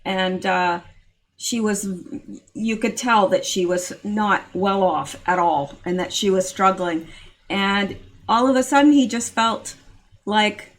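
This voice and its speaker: A woman's voice: mid-range voice, slow pace. A woman hosting her own commentary channel, talking casually and earnestly with lots of fillers and restarts. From Canada. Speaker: political commentary channel host.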